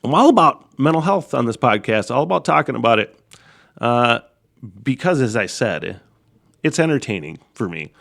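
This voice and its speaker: A man's voice: mid-range voice, moderate pace, gravelly. Profane rambling man, solo podcast. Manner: profane, rambling, laughs often; animated storytelling. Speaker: podcast host.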